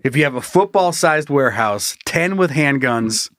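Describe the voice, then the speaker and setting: A man's voice: mid-range voice, animated, normal speed, a bit bright, no room sound, clean studio sound. A man co-hosting a comedy podcast, chatting casually, laughing often and tossing in jokey impressions. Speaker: podcast co-host.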